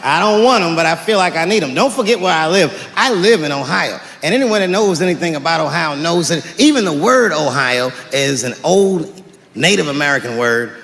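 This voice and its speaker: A man doing stand-up comedy before a live audience, deadpan and profane, with drawn-out punchlines. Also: a little high, creaky. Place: stage in a large hall before a live audience. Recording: echoey hall, crowd noise. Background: audience laughter and murmur.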